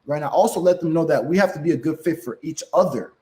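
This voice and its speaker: A man's voice: fairly high pitch, fast, a little mellow. A man giving motivational sales advice as a guest, emphatic, often checking in with "right?" and acting out phone calls.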